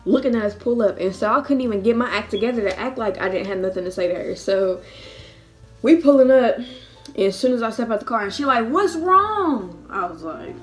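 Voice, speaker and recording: Over faint music, a young woman in her twenties speaks briskly in a middle-pitched voice during a storytime vlog. She's animated and full of laughs, doing the voices of family and friends as she chats.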